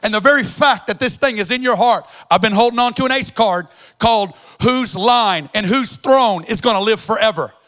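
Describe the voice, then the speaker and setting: Bright, high-voiced impassioned male preacher. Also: normal speed. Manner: impassioned, sing-song preaching cadence. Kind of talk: sermon.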